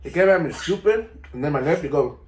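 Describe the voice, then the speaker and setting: A man's voice: fairly high pitch, animated, quick pace, a little mellow, reverberant. A middle-aged man, telling stories casually to camera in a laid-back, slangy way. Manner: laid-back, slangy, keeps saying "you know" and "vato". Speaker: vlogger.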